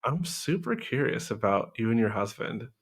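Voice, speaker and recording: A man's voice: mid-range voice, sing-song, moderate pace, slightly rough. A man hosting a podcast, talking enthusiastically and laughing easily. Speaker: podcast host. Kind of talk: casual podcast conversation.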